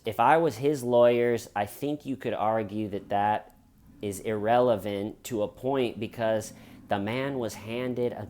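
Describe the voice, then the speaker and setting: A man's voice: lowish voice, a little mellow. A man giving comedic true crime commentary in a sarcastic, jokey way.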